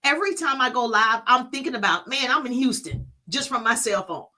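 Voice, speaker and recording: Middle-aged female business coach, phone live-stream, bright lively delivery. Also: a little high, a little fast. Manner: energetic, hypes viewers by name.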